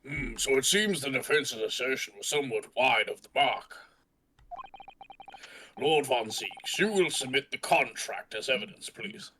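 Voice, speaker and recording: A man voicing a stern, formal male judge in a game, speaking in a measured way. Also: medium pitch, lively intonation, bright, forceful tone, slight background noise, low-quality recording. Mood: authoritative.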